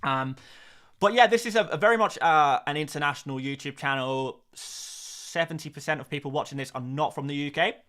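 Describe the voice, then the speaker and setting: A man's voice: a little high, brisk, fairly bright tone. A man hosting a fantasy football live stream, answering viewer questions in a casual, chatty way with frequent fillers, restarts and repeated phrases.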